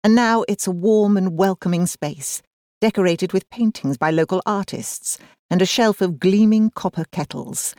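A woman's voice: medium pitch, normal speed, a little mellow, no room sound. Woman in her forties, first-person audiobook narration, wry and self-deprecating, dry close sound. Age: 40s.

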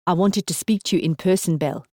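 A woman's voice: lowish voice, dark tone, dry recording, studio quality, natural voice. A woman doing a sombre South African man. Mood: earnest. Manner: measured, serious.

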